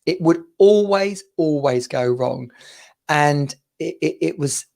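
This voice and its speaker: On a casual podcast, a thirty-something British host meanders from story to story, laughing often as he goes. He speaks slowly with a fairly high, lively voice, a darkish tone, and vocal fry.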